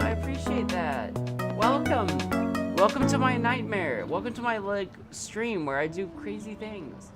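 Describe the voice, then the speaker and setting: A man's voice: sits high, animated, measured pace, loud music behind the voice. A young man streaming a video game live, rambling casually and talking back at the screen and his chat. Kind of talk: live gameplay commentary.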